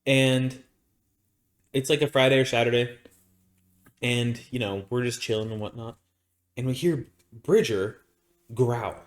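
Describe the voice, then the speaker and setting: A man's voice: mid-range voice, a little slow, long pauses. A man co-hosting a podcast, from Arizona, telling a long story in a casual, rambling way with many restarts and fillers. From Arizona, United States. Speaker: podcast co-host.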